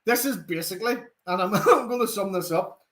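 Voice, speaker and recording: A man's voice: sits high, expressive, a little fast, a bit bright. A young man with a Northern Irish accent, hosting a live football watchalong, chatting animatedly and reading out viewer comments. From Northern Ireland. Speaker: fan channel host.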